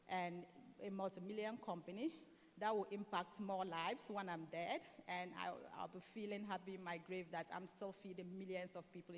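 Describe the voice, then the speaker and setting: A woman entrepreneur on a panel, telling her story with determination. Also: lowish voice. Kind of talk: panel answer. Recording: hissy hall reverb.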